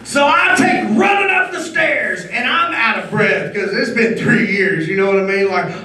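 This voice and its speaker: Stand-up comic, middle-aged man, high and lively delivery with shouted punchlines; far-off stage mic in a very echoey room. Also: normal speed. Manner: loud, animated, punchy jokes with shouted bursts. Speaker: stand-up comedian. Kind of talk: stand-up comedy set. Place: comedy venue stage before a live audience.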